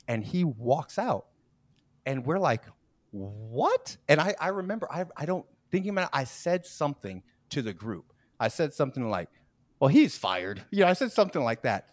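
A podcast host relaxes into a rambling workplace story. He jumps between low mutters and high bursts of laughter, acting out the people he quotes. The mic is close and the room is dry. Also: moderate pace, dry recording. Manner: animated, laughs often, acts out quoted people. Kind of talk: casual storytelling chat.

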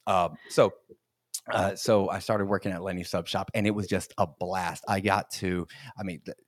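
A podcast host in his forties tells funny stories in a casual chat, an animated storyteller who laughs often and acts out the quotes. His voice sits low at normal speed, recorded clean in a studio with no room sound.

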